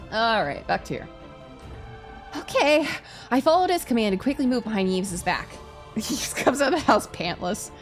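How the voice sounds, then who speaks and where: A woman streamer reads a story game aloud, breaking in with animated, cursing asides. Her voice sits at a middle pitch but swings widely. Faint stream music plays underneath. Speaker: VTuber streamer. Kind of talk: reading a game aloud with commentary.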